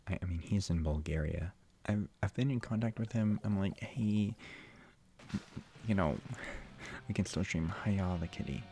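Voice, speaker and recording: A young man streaming a game late at night, talking quietly and half-whispering in a rambling, restarting way so he won't wake his sister. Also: sits low, moderate pace, pauses often, a little hiss or hum. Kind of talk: quiet live stream chat while playing. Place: room at home at night. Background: game music.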